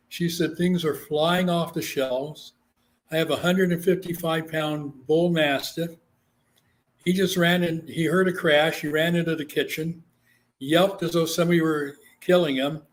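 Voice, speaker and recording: A man from Guam, a psychic medium, telling a story in a casual interview and acting out the voices he quotes. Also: on the high side. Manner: animated, acts out quoted voices.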